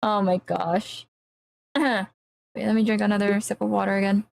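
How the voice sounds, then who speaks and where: A woman's voice: medium pitch, level tone, normal speed, creaky, darkish tone, dry recording. A woman streamer reading a visual novel aloud on a livestream, breaking off into nervous, easily spooked chatter with her chat.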